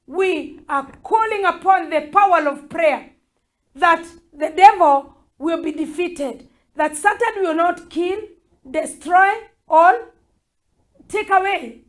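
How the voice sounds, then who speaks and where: A woman bishop preaches in a very high voice. She speaks slowly and fervently, repeating each urging as she leads the prayer. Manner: fervent, repetitive exhortation. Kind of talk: prayer sermon.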